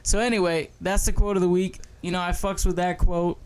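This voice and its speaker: A man's voice: high voice, flat delivery, brisk, clear, resonant tone. A young man co-hosting a casual podcast, talking in a laid-back, profane way and laughing easily. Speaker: podcast co-host.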